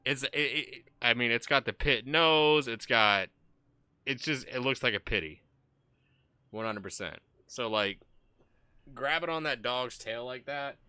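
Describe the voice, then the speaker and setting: A man's voice: medium pitch, unhurried, sharp tone, smooth, dry recording. A man streaming casual commentary, rambling and profane with many restarts.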